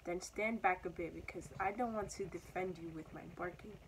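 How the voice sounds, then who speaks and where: A woman voicing a small, quick-witted mouse who bluffs that he is a dog, in a storybook read-aloud. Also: on the low side, slight background noise, close to an everyday voice, poor audio. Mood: bluffing.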